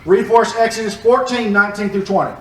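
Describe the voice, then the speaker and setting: Guy teaching bible stuff in a church, fairly high voice, lively and jokey, sounds kinda far from the mic. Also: fast talker, slight background noise. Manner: animated, joking. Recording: echoey room, distant mic.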